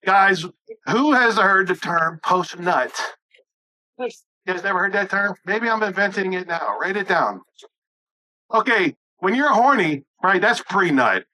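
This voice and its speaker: A man performing a crude stand-up comedy set, shouting punchlines and acting out voices. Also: high-pitched, expressive, a little slow, slight background noise, low-quality recording. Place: rooftop event.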